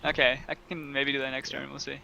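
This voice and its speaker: A man's voice: medium pitch, little pitch movement, quick pace, vocal fry, bright, forceful tone, slight background noise, rough recording. A man playing a tabletop game, joking and counting out his moves. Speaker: player.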